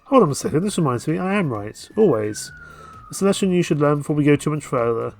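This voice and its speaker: A man's voice: fairly high pitch, expressive, fast talker, darkish tone, soft background music. Man reading a menacing game narrator. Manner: cold, commanding, menacing. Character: menacing unseen narrator voice, commanding.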